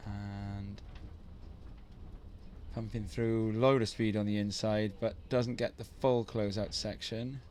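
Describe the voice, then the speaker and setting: A man's voice: mid-range voice, darkish tone, slight background noise. Male live surf commentator, middle register, banter-heavy play-by-play. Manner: chatty, teasing banter between play-by-play calls.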